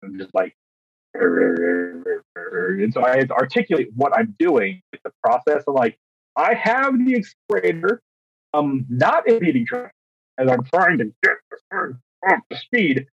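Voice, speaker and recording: A young teacher who co-hosts a podcast casually tells a story in a medium-pitched, husky voice with vocal fry and a measured pace. He is animated, acting out quotes amid frequent restarts and fillers, and the recording is dry, dull, and lo-fi.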